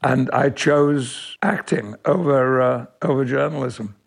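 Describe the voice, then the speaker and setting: An older man from Yorkshire, an actor being interviewed, telling stories in a measured way with small restarts. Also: medium pitch, gravelly, breathy edge. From Yorkshire, England. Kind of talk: anecdotal interview answers.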